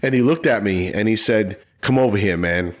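A middle-aged man, a retired police officer, telling a personal story in an interview in an earnest, emotional, halting way. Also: lowish voice.

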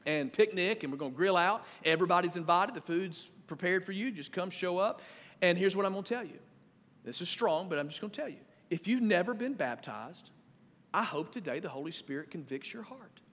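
A man in his thirties preaching a sermon as pastor, conversational and animated, swinging between loud and quiet. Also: high voice, brisk. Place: church sanctuary. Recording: long reverb of a church hall.

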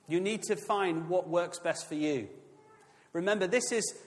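A man delivers a sermon in an easygoing yet emphatic manner, breaking into asides with his listeners. His voice sits a little high for a man. The sound carries a long reverb like a large church hall. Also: measured pace. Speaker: preacher.

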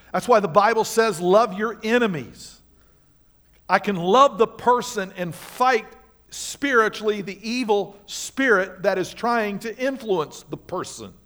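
A man's voice: high voice, a bit bright. A male pastor preaching a sermon in church, speaking emphatically and questioning the congregation directly. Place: church sanctuary.

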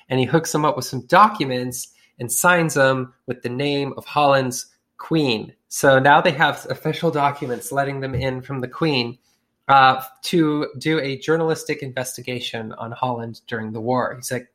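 A man spinning a comic story in loose, slangy, profane talk, with a mid-range voice. He jumps into quick voices for the people in his tale. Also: mid-range voice, fairly even intonation, a bit bright. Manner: profane, slangy, acts out characters with shifting voices. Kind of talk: casual comedic storytelling.

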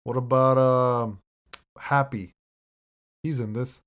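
A man's voice: medium pitch, steady tone, slow. A man talking loosely about a movie in casual chat, swearing now and then.

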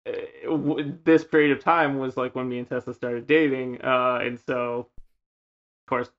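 This podcast co-host has a mid-range voice and a measured pace, and the sound is lo-fi. He chats casually while telling stories about parties, performing his friends' lines with animated flair.

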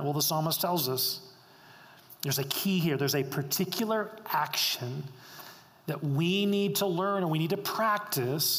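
A man's voice: fairly high pitch, a bit bright. A middle-aged man preaching a sermon as pastor, earnest, repeating phrases for emphasis. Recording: long reverb of a hall.

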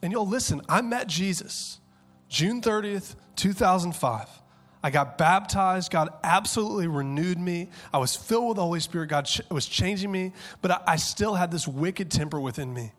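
A man in his thirties preaching a sermon with passion, dropping to hushed tones and then rising to loud, urgent peaks. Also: high voice, expressive, normal speed, faint music behind. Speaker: pastor.

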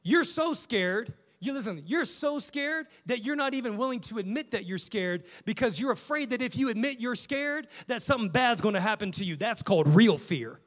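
A male pastor preaching a sermon with passion, swinging from loud urging to hushed prayer. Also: very high-pitched, expressive, normal speed, few pauses. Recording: long hall reverb.

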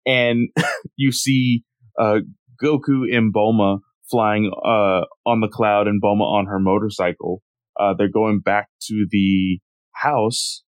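A man's voice: fairly even intonation, slow pace, dry recording. Man retelling a story on a podcast. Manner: retells scenes, mimicking characters in higher voices. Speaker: podcast co-host. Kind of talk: casual chat.

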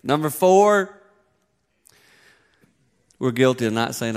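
A man's voice: mid-range voice, moderate pace. A man in his fifties giving a sermon, a conversational, joking storyteller. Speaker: pastor.

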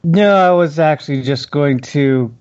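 A man playing in a tabletop game, thinking out loud hesitantly as he plans his turn. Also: a little high, lo-fi sound. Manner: hesitant, thinking aloud with pauses and fillers. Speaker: player (rogue). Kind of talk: casual tabletop play.

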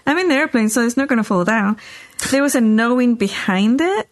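A woman podcast host telling a story in casual chat, animated, often checking in with "right?". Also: a little high, fairly quick.

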